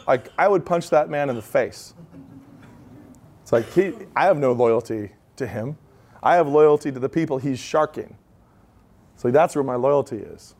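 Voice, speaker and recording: Man in his thirties, live talk, chatty storytelling, asides, mid-pitched voice. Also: moderate pace, long pauses, a little mellow. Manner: conversational storytelling, many "like" asides. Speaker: speaker at a live event. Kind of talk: informal talk with audience Q&A.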